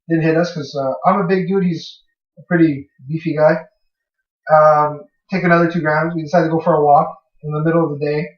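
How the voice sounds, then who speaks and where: Young male co-host, slightly high voice, loose swearing storyteller; dull lo-fi sound, distant from the mic. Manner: rambling, swears freely, acts out his own past lines. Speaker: podcast co-host. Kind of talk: casual storytelling. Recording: echoey room, far from mic, dull lo-fi.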